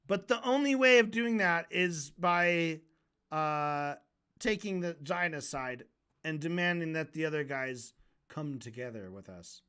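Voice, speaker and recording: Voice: mid-range voice, lively intonation, unhurried, bright, forceful tone, clean tone. Profane ranting debate streamer. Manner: profane, mocking rant. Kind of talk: livestream debate reaction.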